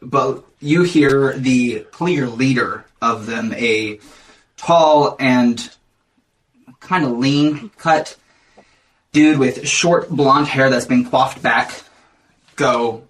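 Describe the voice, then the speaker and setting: A man's voice: mid-range voice, drawn-out words, a bit bright. A man narrating a tabletop game as game master, casual and rambling.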